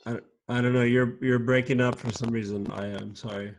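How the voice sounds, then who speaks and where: Male teacher on a video call, patient and encouraging with kids, mid-pitched. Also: steady tone. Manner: patient, encouraging, speaks slowly and clearly to kids. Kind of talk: teaching a children's class online.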